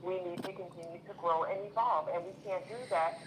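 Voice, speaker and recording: A woman's voice: on the low side, steady tone, brisk, noisy background. A woman calling in to a casual chat show, speaking earnestly and at length in an encouraging way. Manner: long-winded, earnest, encouraging. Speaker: caller.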